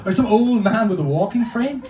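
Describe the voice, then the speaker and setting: A man with a fairly high, very animated voice works through a stand-up set, telling loose, rambling stories with plenty of swearing. He sounds distant from the mic in a roomy space, with clear noise underneath. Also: moderate pace, a crowd in the background. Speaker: stand-up comedian. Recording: roomy, distant, noisy live recording.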